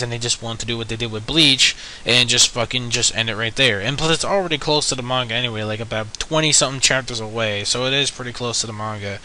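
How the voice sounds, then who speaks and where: A young man rambling through an anime episode review, full of fillers and swearing. His voice is bright and forward, at a middle pitch, with a casual, loose delivery. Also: low-quality recording. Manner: rambling, frequent fillers and profanity.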